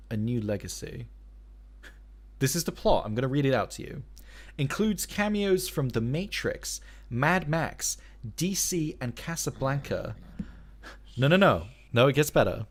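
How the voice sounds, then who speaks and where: Animated, profane male streamer. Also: mid-range voice, unhurried, long pauses. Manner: profane, exasperated ranting. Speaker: streamer and show host. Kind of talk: casual live-stream chat.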